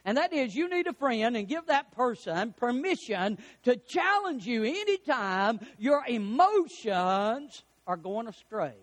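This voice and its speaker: A man's voice: very high-pitched, sing-song, a little slow, few pauses. A man preaching a sermon as pastor, telling stories and acting out the lines of people in them. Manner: storytelling preacher, acts out quotes, chuckles at own jokes.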